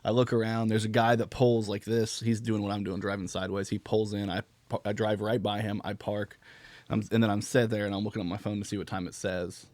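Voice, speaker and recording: A man's voice: on the low side, a little fast. A man hosting a podcast, telling a rambling, profane story in casual chat. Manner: animated, swearing, rambling anecdote. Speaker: podcast host.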